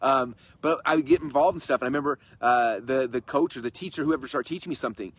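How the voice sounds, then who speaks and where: A man in his thirties talks at a rapid clip, pressing his point over and over with persuasive energy. His voice has a husky, slightly rough grain. He speaks as a coach rallying a group on a livestream. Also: medium pitch, no echo. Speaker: host and coach. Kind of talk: motivational livestream talk. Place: in-laws' home.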